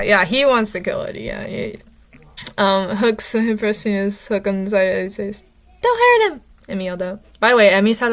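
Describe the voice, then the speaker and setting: A woman reading her own old stories aloud, breaking off into chatty, self-mocking commentary with lots of fillers. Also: mid-range voice.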